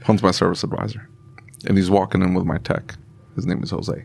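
A man's voice: deep voice, level tone, fairly quick, gravelly, a little mellow, breathy edge. A man co-hosting a live podcast, teasing his partner and telling shop stories. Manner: teasing storyteller. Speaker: podcast co-host.

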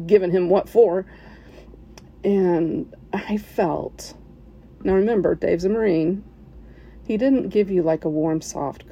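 A woman tells a heartfelt personal story in a slow, unhurried way, pausing and restarting often. Her voice sits low and mellow, with a gravelly edge. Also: highs cut off. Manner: halting, with fillers, restarts and soft laughs. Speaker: listener sharing a personal story.

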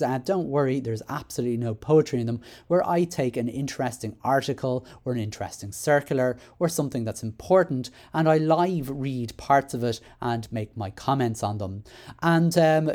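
A man's voice: mid-range voice, a little mellow. An Irish man hosting a solo education podcast, talking in a chatty, rambling way with many fillers and restarts. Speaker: podcast host.

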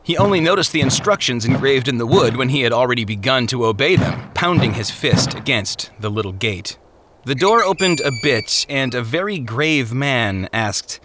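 A man narrating an audiobook chapter with expressive, vivid storytelling. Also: medium pitch, normal speed, noisy background.

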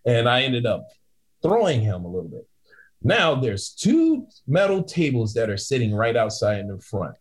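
A man at a middle pitch tells a story from working the door in a relaxed, chatty way. He acts out each side of the argument, jumping into higher voices for the people he quotes. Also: moderate pace, husky, low-quality recording. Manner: animated, acts out both sides of the story. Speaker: guest bouncer. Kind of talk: casual storytelling.

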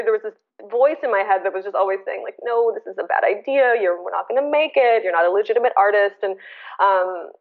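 An American woman in her thirties, a guest artist telling a story in a casual interview, earnest and searching, full of restarts and fillers. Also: a little high. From United States. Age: 30s. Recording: tinny phone-like line.

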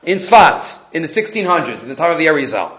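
A man delivers a storytelling sermon with a high, very lively voice, acting out each character. The recording is roomy and echoey, with a dull, muffled sound. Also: fast. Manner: animated storyteller, acts out characters. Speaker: rabbi or teacher giving a sermon.

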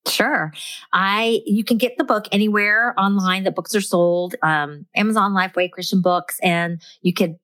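A middle-aged woman talks in an earnest, reflective way as a guest author on a faith-based interview. Her voice sits at an ordinary pitch for a woman. The recording is dry and close, with no room around it. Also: steady tone, moderate pace, a bit bright, no echo.

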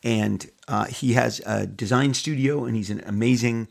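Gravelly, husky man hosting a podcast. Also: medium pitch, normal speed. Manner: enthusiastic, rambling, many restarts. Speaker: podcast host. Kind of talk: casual podcast monologue. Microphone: studio microphone.

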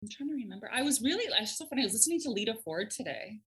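A woman talking as a podcast guest in casual chat, animated, laughing often and swearing freely. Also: on the high side, racing.

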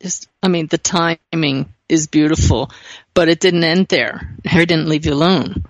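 A woman's voice: sits low, moderate pace, dry recording, rough recording. A woman hosting an interview, enthusiastic and speaking straight to her listeners. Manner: enthusiastic, addresses listeners directly. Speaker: podcast host. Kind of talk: conversational interview.

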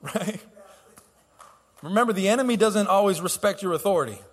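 A man's voice: high-pitched, expressive, brisk, breathy edge. A man preaching a sermon as pastor, telling stories casually with restarts and laughs, then building to fervent exhortation. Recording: long hall reverb.

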